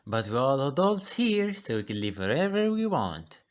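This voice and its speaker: A man's voice: mid-range voice, sing-song, moderate pace, natural voice. A man with a thick foreign accent playing a cheerful, laid-back captive who chats with easy hesitations. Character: cheerful easygoing adult man, a fellow captive.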